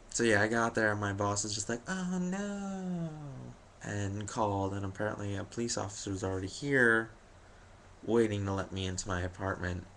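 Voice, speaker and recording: A man's voice: fairly low pitch, fairly bright tone, slight background noise. A young man telling a story about his day to camera, rambling and jokey, with lots of fillers and self-deprecating asides. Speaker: vlogger.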